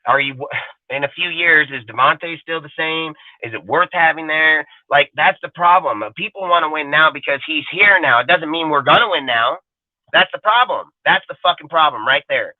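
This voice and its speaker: A man's voice: a little high, normal speed, no echo. A man in his forties ranting heatedly about football in a crude, rambling way, swearing constantly. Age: 40s. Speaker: podcast co-host. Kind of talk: profane sports talk rant. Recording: tinny phone-like audio, dry.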